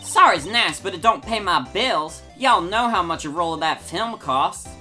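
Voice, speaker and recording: A woman voicing a brash, touchy country woman photographer with a loud put-on drawl, reading game dialogue aloud. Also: fairly low pitch, lively intonation, moderate pace, faint music behind, pitched above the performer's own voice. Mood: sassy scolding. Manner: forceful, indignant.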